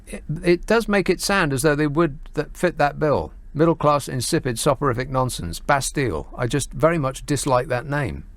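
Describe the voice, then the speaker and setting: A man hosting a radio phone-in, sardonic and quick as he reads out listeners' messages and banters with callers. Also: a little high, lively intonation.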